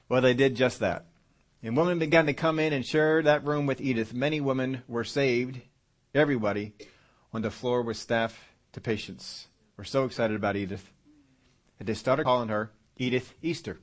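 A pastor preaching at a service, stressing points by repeating them and telling a long story. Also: male voice, medium pitch, fairly even intonation, a little fast. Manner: emphatic repetition, storytelling. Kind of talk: sermon.

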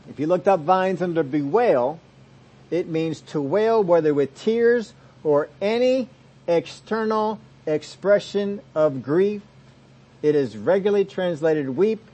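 Male pastor preaching and teaching; fairly high voice, emphatic then hushed. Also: animated, measured pace. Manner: expository preaching, swings from loud emphasis to soft asides. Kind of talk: sermon.

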